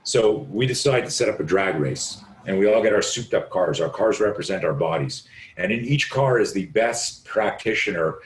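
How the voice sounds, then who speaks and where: A man with a raw, hoarse voice tells a story as a podcast guest. He talks vividly and curses freely, and he jumps into the voices of the people in his story. The sound is roomy and echoey. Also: on the low side, animated, moderate pace. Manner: vivid, profane, acts out quoted voices. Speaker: self-defense instructor, podcast guest. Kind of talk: animated storytelling in conversation.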